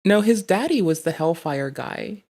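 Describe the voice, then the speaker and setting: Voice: mid-range voice, animated, a little slow, mellow. A streamer chatting casually on a live stream, rambling and swearing through comic stories. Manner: rambling, profane, comic storytelling. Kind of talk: casual chat.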